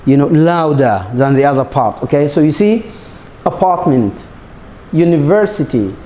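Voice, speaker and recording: A male English teacher whose first language is Arabic talks his students through a textbook lesson, stumbling and repeating himself as he goes. His voice sits fairly high but sounds mellow, and the room around him rings with echo. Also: animated, normal speed. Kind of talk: recorded classroom lesson.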